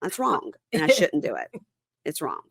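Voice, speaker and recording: A woman's voice: low voice, wildly swooping pitch, a little fast, creaky, fairly bright tone, slightly rough, no room sound, clean studio sound. A woman hosting a casual reality TV recap podcast. She talks frankly and retells scenes by quoting the people in them. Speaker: podcast host.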